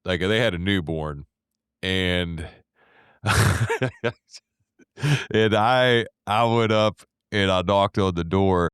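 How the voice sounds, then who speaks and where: A man's voice: deep voice, slow pace, pauses often, fairly bright tone, clear, resonant tone, no room sound, clean studio sound. A man co-hosting a casual podcast, rambling through a work story with restarts and swearing. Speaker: podcast co-host, delivery driver.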